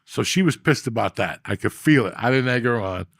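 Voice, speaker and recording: A man hosting a podcast, telling a long profane story in a loud, animated street manner. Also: mid-range voice, fairly quick, creaky, no room sound, clean studio sound. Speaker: podcast host. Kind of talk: casual storytelling.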